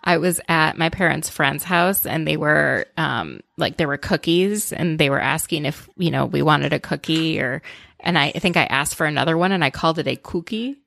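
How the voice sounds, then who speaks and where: A woman's voice: low voice, moderate pace, gravelly, fairly bright tone, dry recording, studio quality. A woman co-hosting a casual podcast, chatting thoughtfully about a reality show and often trailing off mid-sentence. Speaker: podcast co-host. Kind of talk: casual reality TV recap chat.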